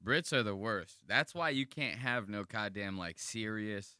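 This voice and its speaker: A man's voice: lowish voice, expressive, measured pace, background noise. A man from the United States giving casual, rambling reaction commentary to videos, slangy and profane.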